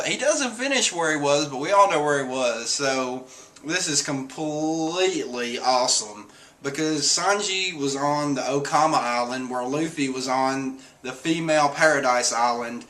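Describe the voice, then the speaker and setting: Bright-voiced man chatting casually. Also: mid-range voice. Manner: animated, swears, acts out quotes. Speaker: streamer reviewing a comic chapter. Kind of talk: casual chat.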